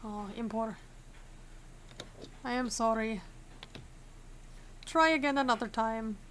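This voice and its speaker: Woman putting on a game border inspector: mock Eastern European accent, broken formal English, a bit higher-pitched, polite but firm. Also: takes it slowly, fairly bright tone, a little hiss or hum. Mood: stiff. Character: stern but apologetic border inspector, adult.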